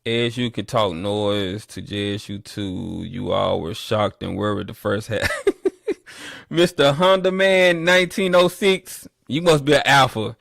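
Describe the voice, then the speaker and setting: A man hosting a casual livestream, reading the chat and trash-talking rival teams playfully, with loud animated bursts. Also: mid-range voice, measured pace, gravelly, no room sound, studio quality.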